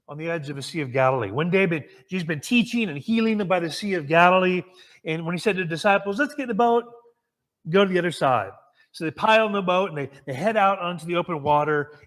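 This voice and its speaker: A man's voice: high-pitched, a bit bright. An American man preaching a sermon, telling a story and putting questions to the congregation, often restarting his words.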